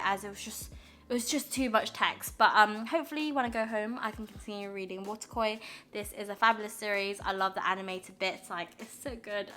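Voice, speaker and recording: A woman's voice: medium pitch, pushed and bright. A young woman chatting casually through a manga haul, gushing and filling with lots of ums and likes. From United Kingdom. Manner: chatty and gushing, many fillers. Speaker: manga vlogger.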